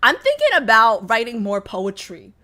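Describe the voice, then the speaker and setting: A young woman streaming and chatting casually, rambling with lots of fillers, a little sick so her voice sits lower than usual. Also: huge pitch swings, moderate pace, pushed and bright. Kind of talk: casual livestream chat.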